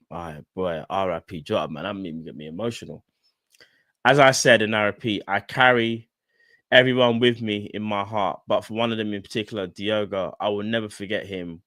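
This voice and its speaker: A man's voice: lowish voice, normal speed, long pauses, a bit bright, dry recording, studio quality. A man hosting a live fan stream, talking casually and in slang straight to his chat. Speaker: fan channel host.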